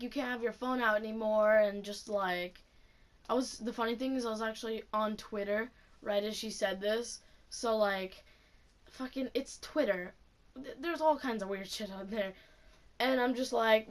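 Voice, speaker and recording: A teenage girl telling a story in a casual rant, indignant and swearing freely. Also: mid-range voice. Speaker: vlogger.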